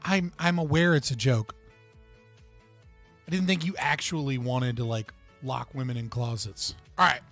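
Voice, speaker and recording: A man's voice: medium pitch, normal speed, a bit bright, faint music behind. A man hosting a live stream, reacting casually and bluntly, swearing and laughing while answering his chat. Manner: blunt, profane, laughs often, talks to chat.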